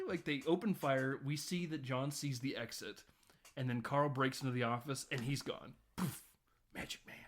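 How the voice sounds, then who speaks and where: A man's voice: medium pitch, fairly bright tone. A man co-hosting a film podcast, casually recapping scenes in a loose, rambling way full of fillers. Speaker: podcast co-host.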